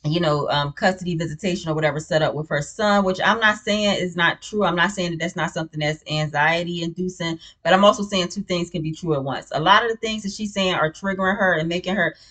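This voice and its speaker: A woman's voice: lowish voice, quick pace, few pauses, fairly bright tone. A woman recapping a reality show in casual, blunt, opinionated chat, with many "you know what I'm saying" fillers.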